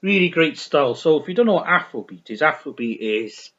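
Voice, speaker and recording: A man's voice: fairly high pitch, expressive, brisk, a bit bright. A man chatting casually about records he bought, rambling and repetitive, swearing freely and full of enthusiasm, on a lo-fi recording. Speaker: vinyl record reviewer. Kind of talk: casual unscripted chat.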